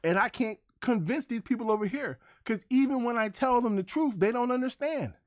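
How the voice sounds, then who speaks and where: A man's voice: very high voice, animated, brisk, dry recording, studio quality. A man hosting a livestream, ranting to his chat in a combative, profane, repetitive way. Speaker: livestream host.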